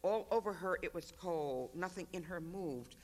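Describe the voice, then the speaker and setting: An author reading a literary excerpt aloud at a panel, measured and rhythmic. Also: male voice, sits high.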